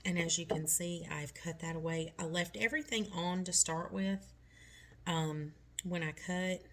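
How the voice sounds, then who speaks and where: A woman's voice: fairly low pitch, fairly even intonation, a little slow, a bit bright, a little hiss or hum. A middle-aged woman talking through a nail tutorial step by step, chatty and reassuring.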